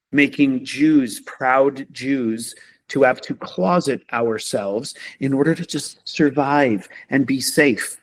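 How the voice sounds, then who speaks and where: A man's voice: medium pitch, slight background noise. A man, a podcast guest, speaking emphatically and passionately in a conversational interview, with repeated rhetorical questions.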